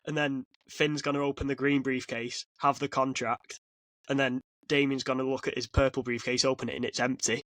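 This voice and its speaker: A man co-hosting a casual podcast, talking excitedly and rambling with frequent restarts. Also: mid-range voice, fairly quick, no echo. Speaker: podcast co-host. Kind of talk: casual chat. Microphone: podcast mic.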